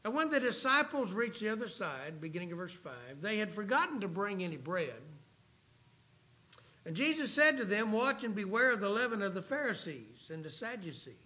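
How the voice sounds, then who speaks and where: A male preacher delivers a sermon in a bright, high voice. He reads scripture passages aloud and stretches out key phrases for emphasis. The recording is dull and lo-fi. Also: big pitch swings, normal speed.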